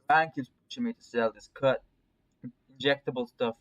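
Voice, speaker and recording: A man voicing a gruff young male dealer who talks bluntly and crudely, reading a game aloud. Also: mid-range voice, moderate pace, a bit bright, highs cut off, lightly acted. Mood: offhand.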